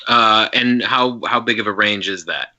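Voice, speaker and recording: A man takes part as a player in a tabletop game, asking unsure questions about what he is allowed to do. His voice has a very bright, forward edge. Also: fairly low pitch, normal speed, muffled recording.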